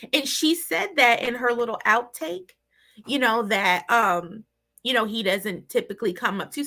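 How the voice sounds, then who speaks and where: A woman panelist on a podcast, discussing a reality show in a lively, gossipy, playful way. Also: medium pitch.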